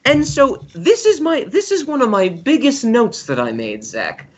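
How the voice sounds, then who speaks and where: Excitable podcast guy, lively swinging pitch. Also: unhurried, husky. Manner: excitable, laughs a lot, swears freely. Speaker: podcast co-host. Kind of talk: casual film review chat.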